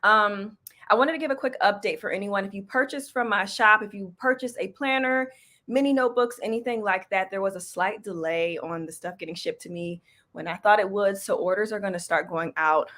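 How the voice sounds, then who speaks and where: A woman's voice: mid-range voice, brisk, fairly bright tone. A woman hosting a casual livestream, chatty and loose, breaking off mid-stream, with an out-of-breath edge. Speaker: livestream host and small business coach.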